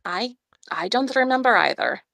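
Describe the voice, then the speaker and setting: A woman's voice: on the high side, expressive, normal speed, vocal fry, fairly bright tone, dry recording, pitched above the performer's own voice. A woman voicing a playful, cheeky young alien woman, a small-time criminal, with a slight put-on Russian-like accent.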